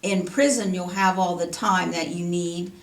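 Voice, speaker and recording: A woman voicing a greedy, cunning servant in a high, loud voice, heard roomy and from afar. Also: fairly even intonation, a little slow. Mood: bullying. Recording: roomy, from a distance.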